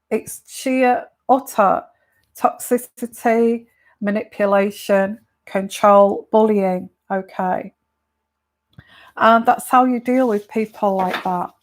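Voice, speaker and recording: Woman from the UK, tarot reader, casual advice talk to viewers, unhurried and halting, mid pitch. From United Kingdom. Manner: slow, hesitant, with many fillers and restarts.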